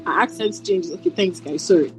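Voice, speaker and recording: A woman's voice: lowish voice, a little fast, rough recording. Woman, book club member, hesitant, lots of "like", apologetic, faint music behind. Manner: hesitant, filler-heavy, apologetic. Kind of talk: casual discussion.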